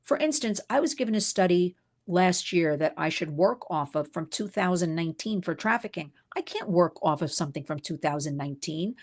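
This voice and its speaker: A woman's voice: on the low side, animated, brisk. A woman hosts a livestream and talks off the cuff. She sounds emphatic and indignant and reads viewers' comments aloud. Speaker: livestream host. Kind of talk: unscripted livestream talk. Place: New York City.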